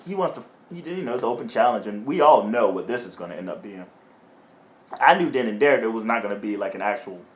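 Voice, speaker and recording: A man hosting a solo podcast, ranting in a heated, profane, emphatic way. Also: medium pitch. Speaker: podcast host. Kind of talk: solo wrestling podcast rant.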